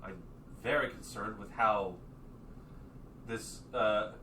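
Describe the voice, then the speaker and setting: A man's voice: on the low side, steady tone, slow, pushed and bright. A man voicing a smug, vain doppelganger who brags about his singing, with an airy, pompous manner. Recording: roomy, distant mic with noise.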